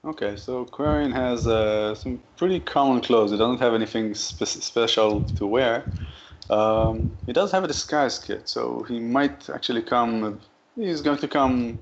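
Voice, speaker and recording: A man playing a tabletop game rambles through a description of his character, often correcting himself. He speaks at an average pitch. The sound is dull and lo-fi. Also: a little slow. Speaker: player. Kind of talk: casual game chat.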